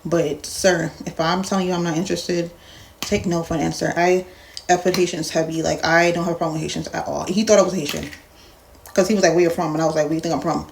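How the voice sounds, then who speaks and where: A young woman from Jamaica tells a story to her vlog camera, blunt and animated, acting out both sides of the talk. Her voice sits low and has a gravelly, fry-heavy texture. A faint hiss of background noise runs under her. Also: fast. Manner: blunt, animated retelling with quoted dialogue. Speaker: vlogger. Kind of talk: casual storytime rant.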